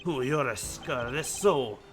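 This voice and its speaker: A man's voice: medium pitch, animated, a little slow, a bit bright, faint music behind. A man voicing a smug, scheming older male prosecutor who talks down to people in a mannered, condescending way.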